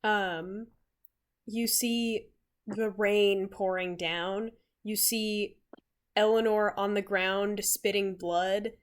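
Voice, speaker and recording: A woman running a tabletop role-playing game as game master, narrating scenes slowly with many fillers. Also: medium pitch, steady tone. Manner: unhurried, filler-heavy narration.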